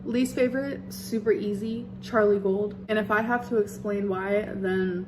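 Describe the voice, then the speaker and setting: A woman's voice: medium pitch, steady tone, moderate pace, few pauses, noisy background. A woman talking casually on a livestream, rambling with lots of filler words.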